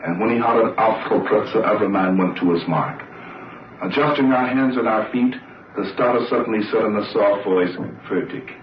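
Man, oratorical recollection, deliberate phrasing, lowish voice, echoey room, far from mic. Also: slight background noise. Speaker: Olympic sprinter recounting. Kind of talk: dramatic personal recollection. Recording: roomy, distant, old lo-fi recording.

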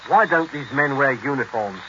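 A man's voice: medium pitch, lively intonation, normal speed, sharp tone, slight background noise. An actor playing a short, fussy middle-aged Englishman with an English accent who talks in a prim, disapproving way, in 1940s radio acting. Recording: dull lo-fi 1940s radio recording.

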